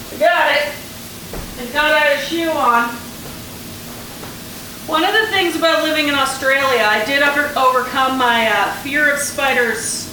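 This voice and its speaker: Canadian woman rambling thru a cooking vlog, kinda high voice, super echoey kitchen, stuff frying in the back. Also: normal speed. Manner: chatty, rambling asides while cooking. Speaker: home cooking vlogger. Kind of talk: casual cooking vlog chat. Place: home kitchen. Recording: very echoey kitchen, mic far off, frying noise. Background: food sizzling on a grill pan.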